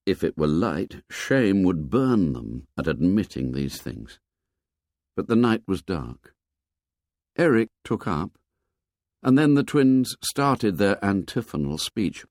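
A man narrating an audiobook in a measured, expressive way. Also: deep voice, no room sound, studio quality.

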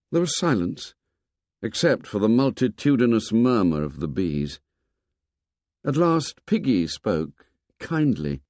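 A man narrating a novel as an audiobook in a measured, expressive storytelling manner. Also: on the low side, no echo, studio quality.

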